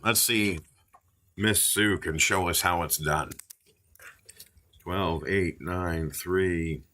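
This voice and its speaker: A man's voice: sits low, slow pace, sharp tone. A man hosting a live card-opening stream from a store, chatting and joking with viewers while calling out card names. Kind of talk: casual live-stream commentary. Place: indoors at a store.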